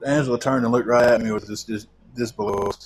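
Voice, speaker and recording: A man's voice: medium pitch, fairly even intonation, fast, slightly rough. A young man telling a long personal story in a rambling way, with many fillers and repeated words.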